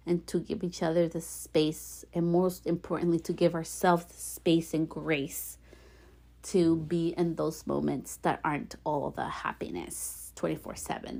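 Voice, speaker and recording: A woman hosting her own podcast, talking earnestly and encouragingly straight to the listener, repeating gentle affirmations. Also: fairly low pitch. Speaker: podcast host. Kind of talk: heartfelt solo podcast talk.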